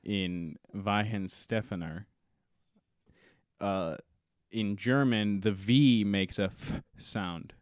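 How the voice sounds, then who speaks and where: A man's voice: lowish voice, slow pace, no room sound, clean studio sound. A young man co-hosting a casual podcast chat, joking and laughing often. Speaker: podcast co-host.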